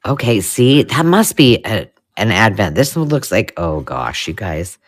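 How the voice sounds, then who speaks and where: This middle-aged woman hosts a live unboxing of vintage paper for her craft channel. Her voice is lively, swooping high and low as she gushes over each find. She drifts between chatty excitement and hushed, awed murmurs. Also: unhurried. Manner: excitable, gushing, drops to hushed whispers. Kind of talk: casual live unboxing chat.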